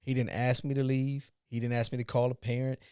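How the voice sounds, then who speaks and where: A man in his forties, hosting a podcast, telling a personal story in an animated way and acting out the dialogue. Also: medium pitch, a little fast, smooth, no echo, clean studio sound. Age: 40s. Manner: animated retelling, acts out dialogue. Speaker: podcast host. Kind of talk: casual storytelling chat.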